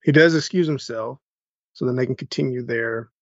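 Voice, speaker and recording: A man's voice: mid-range voice, moderate pace, no echo, muffled recording. A man co-hosting a casual movie review podcast, recapping plots in an easygoing way with chuckles. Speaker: podcast co-host.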